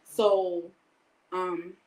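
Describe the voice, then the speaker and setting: A woman's voice: fairly low pitch, little pitch movement, very slow, a little mellow, echoey room, low-quality recording. A woman giving a candid personal testimony in a casual way. She retells each exchange by quoting it and often speaks of God. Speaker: storyteller sharing a personal testimony.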